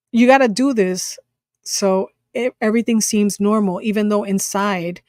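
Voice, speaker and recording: A woman tells a personal story in a loose, casual way, stumbling through restarts and fillers as she acts out everyone's lines. Her voice sits at a middle pitch. The sound is dry and close, with no room in it. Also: no echo. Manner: animated retelling, acts out quoted lines, frequent fillers and restarts, swears.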